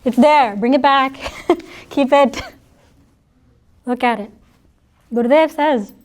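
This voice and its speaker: A middle-aged woman speaks to a gathered audience in a high voice. She is chatty and playful, and she laughs easily while she teaches. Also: slow, pauses often. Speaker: spiritual talk speaker. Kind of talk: informal spiritual talk to an audience.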